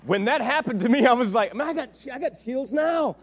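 A man preaching a sermon as a pastor, telling a story with lively acted-out dialogue. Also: very high voice, brisk. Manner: animated storytelling, acts out dialogue with big swings in loudness. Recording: long reverb of a large hall.

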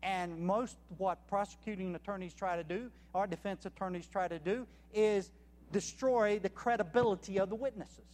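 A man's voice: high-pitched, normal speed, darkish tone, big-room sound. A man preaching a sermon as a missionary, emphatic and counting off his points one by one.

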